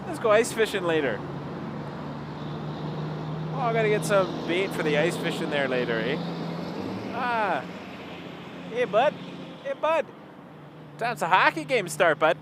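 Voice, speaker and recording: A man's voice: sits high, very animated, unhurried, long pauses, pitched above the performer's own voice. A man from Canada putting on an exaggerated jokey Canadian hoser voice with a broad, sing-song drawl, recorded outdoors with traffic noise. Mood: goofy. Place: outdoors by an airport runway at night.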